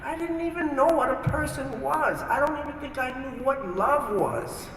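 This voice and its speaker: A man's voice: extremely high pitch, expressive, normal speed, a bit bright, slight background noise. Man, personal storytelling testimony, earnest and vivid, distant mic, long hall reverb. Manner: vivid, earnest storyteller who acts out his own past words. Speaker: speaker giving a testimony.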